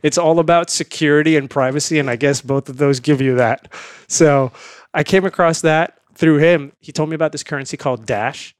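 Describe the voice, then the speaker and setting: A man's voice: fairly high pitch, brisk, dry recording. Dry-voiced man telling a story. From India. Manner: lively anecdotal, laughs often. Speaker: guest. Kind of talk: casual storytelling interview.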